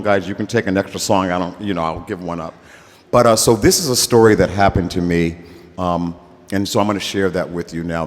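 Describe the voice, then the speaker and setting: An older man telling a story live on stage, relaxed and conversational, acting out the voices of the people in it. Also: on the low side. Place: festival workshop stage. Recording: reverberant stage sound.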